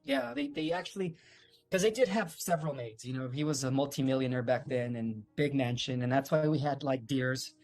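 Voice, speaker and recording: Man, interview guest, mid pitch, rambling storytelling, fillers and restarts, faint music behind. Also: brisk, darkish tone. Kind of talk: casual storytelling.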